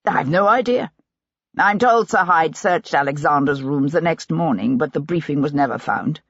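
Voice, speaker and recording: A woman voicing a cool, guarded male Russian colonel who answers in an evasive, measured way, in a dull, dry recording. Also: low voice, lively intonation, a bit bright, slightly rough, no echo, heavily acted.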